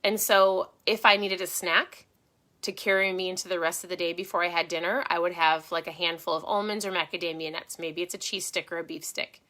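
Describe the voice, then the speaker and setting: Middle-aged woman host, bright and forceful tone, chatty encouraging live-stream delivery from home. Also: mid-range voice. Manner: chatty, encouraging, restarts her sentences. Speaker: host of a keto diet channel. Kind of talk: casual live-stream tips. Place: her home.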